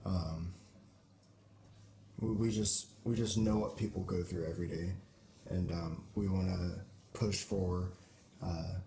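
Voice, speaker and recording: A man's voice: low voice, fairly even intonation, takes it slowly, gravelly, long pauses, warm tone. A young man from Portland, a band member speaking earnestly and hesitantly with many ums in an interview. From Portland, Oregon. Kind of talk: casual interview chat. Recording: echoey room with faint noise.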